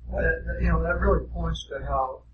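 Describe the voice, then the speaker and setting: A man in a class, speaking up quietly from among the students. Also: fairly high pitch, normal speed, phone-quality sound, a little hiss or hum. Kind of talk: classroom remarks. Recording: distant voice in a room, faint ambience.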